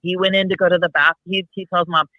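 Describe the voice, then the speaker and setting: A woman co-hosting a podcast, casually telling a personal story and retelling dialogue in a hushed voice. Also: on the low side, little pitch movement, quick pace, no room sound, highs cut off. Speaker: podcast co-host.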